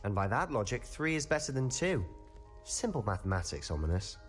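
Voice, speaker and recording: A man's voice: mid-range voice, sing-song, brisk, faint music behind, close to an everyday voice. An actor playing a witty, eager young male wizard student in a video game, given to wry, teasing banter. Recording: game audio with long reverb.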